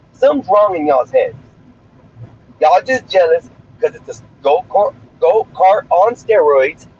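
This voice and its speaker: A man's voice: high-pitched, darkish tone. A man chatting casually on a livestream while driving, talking in a brash, crude, rambling way. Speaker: streamer. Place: inside a moving car. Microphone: phone. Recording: muffled sound with faint road noise.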